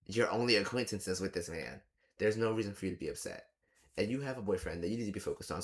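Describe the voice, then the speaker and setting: A man giving casual reaction commentary on a film, ranting in an exasperated, chatty way with plenty of rhetorical questions and fillers. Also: low voice. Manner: loose and chatty with many fillers. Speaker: movie reviewer.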